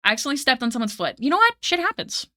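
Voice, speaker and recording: Her voice a little high, sing-song and bright, a young woman talks fast and forcefully to her stream as she draws. It's nighttime in her home room, and she rambles, pokes fun at herself, and reads chat aloud into a desk mic with a dry sound.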